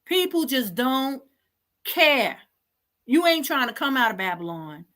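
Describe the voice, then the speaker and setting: A woman's voice: high voice, sing-song, a little slow, a bit bright. A woman hosting an online talk show, scolding her listeners in an impassioned, exasperated and repetitive way.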